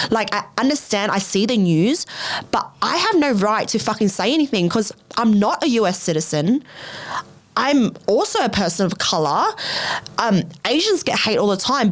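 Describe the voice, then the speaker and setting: A young woman hosting her own podcast, telling a personal story bluntly, swearing a lot and scattering "like" fillers, and her voice jumps high when she replays her own reactions. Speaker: podcast host. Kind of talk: candid storytelling in a casual chat.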